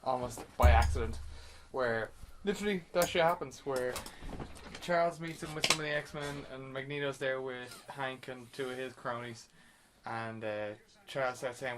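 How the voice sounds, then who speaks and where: A man chats on a casual podcast, running through a movie's story in a loose, profane way that is thick with "uh" and "like". His voice sits at an ordinary middle pitch. A faint hiss of noise sits under the talk. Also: moderate pace. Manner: loose, profane plot retelling with many fillers. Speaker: podcast host reviewing a film. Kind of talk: casual chat.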